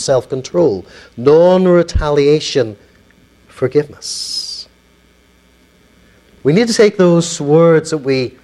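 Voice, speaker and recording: A man with a Belfast accent, a minister giving a lecture, his voice sitting a little high for a man. He speaks earnestly and in a measured way, slowing down and pausing on the words he wants to land. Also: darkish tone, rough recording. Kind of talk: public lecture with storytelling.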